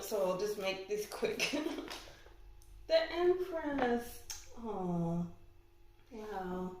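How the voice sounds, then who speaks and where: A woman's voice: medium pitch, sing-song, drawn-out words, pauses often, a little mellow, a little hiss or hum. A young woman giving a pick-a-card tarot reading, often exclaiming and getting emotional. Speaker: tarot reader. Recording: very echoey room.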